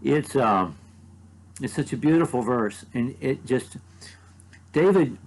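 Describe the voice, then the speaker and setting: An American man in a middle pitch gives a short devotional talk as a preacher. He reads scripture slowly and earnestly, lingering on the phrases that matter. When he reflects on the passage, his speech turns plain and searching, full of restarts. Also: rough recording. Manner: reflective, slows down to stress key phrases; earnest, with frequent restarts and repeated words.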